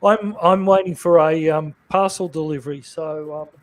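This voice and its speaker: A man's voice: a little high, fairly even intonation, moderate pace, low-quality recording. A man with an Australian accent, chatting casually and hesitantly in an online group video call. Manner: chatty, hesitant, with many fillers. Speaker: regular of an online chat group. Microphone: computer mic on a video call.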